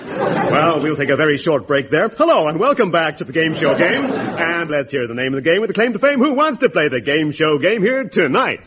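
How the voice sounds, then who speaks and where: A man delivers mock-grand announcements with a lively, sweeping voice set a touch high. The sound is muffled and vintage, with loud music in the background. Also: brisk. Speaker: show announcer. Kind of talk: broadcast radio comedy sketch. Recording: dull old radio recording with loud music.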